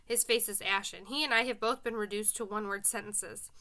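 A woman's voice: mid-range voice, fairly even intonation, fairly quick, sharp tone. A woman reading a children's novel aloud as an audiobook, with friendly, casual asides to her listeners. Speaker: reader.

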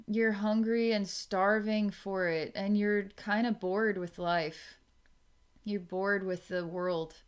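A woman psychic giving an energy reading, musing aloud in a halting way and restarting her sentences as she goes. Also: medium pitch, smooth. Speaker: psychic reader.

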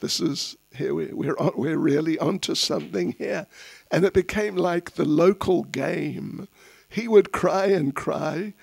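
Slow, gravelly male storyteller. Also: on the high side, darkish tone, dry recording, studio quality. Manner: unhurried, anecdotal, chuckles at his own asides. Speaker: spiritual teacher giving a festival class. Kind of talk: storytelling sermon.

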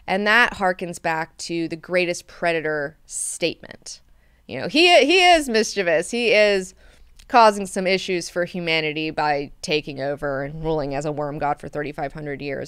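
A woman hosting an online book club, recapping chapters in an animated, enthusiastic way and swearing freely. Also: low-pitched, normal speed, smooth, no room sound, clean studio sound. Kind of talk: casual book discussion.

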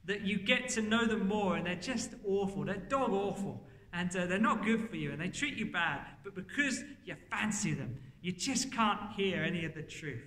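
A man preaching a sermon, his voice high and bright. He keeps it conversational and asks the congregation direct questions, with the sound bouncing around a roomy church hall. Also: expressive, normal speed, hardly any pauses. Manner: conversational, jokey asides, rhetorical questions to the congregation.

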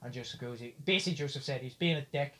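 A young man, hosting a podcast and telling a profane, lively story in casual chat. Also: mid-range voice, rapid-fire. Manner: profane, lively anecdote-telling with frequent laughs. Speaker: podcast host.

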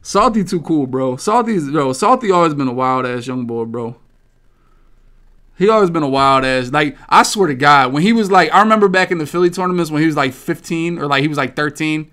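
Fairly quick and pitched high, this man hosts a gaming podcast. His talk is laid-back and profane, full of lively, wandering anecdotes.

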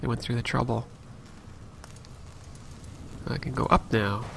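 A let's play commentator chats casually while playing a video game, thinking aloud and sometimes faking outrage. His mid-range voice is steady, unhurried, creaky, and a bit bright, with game music and slight background noise behind him.

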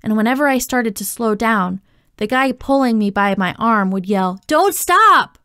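A woman reading a children's novel aloud, telling the story in a steady, expressive way. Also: medium pitch, normal speed, smooth, dry recording, studio quality. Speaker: audiobook reader.

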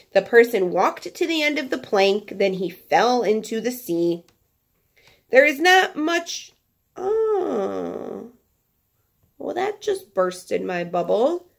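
A woman's voice: mid-range voice, gravelly, darkish tone. A woman teacher reads a book aloud to her students in an everyday mid-range voice. She keeps stopping to chat and joke with the class between passages. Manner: chatty asides between reading, playful.

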